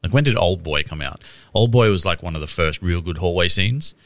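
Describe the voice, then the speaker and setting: A man's voice: low voice, lively intonation, brisk, fairly bright tone. A man, chatting casually about a trailer, swearing freely and laughing often. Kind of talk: casual chat reviewing a trailer.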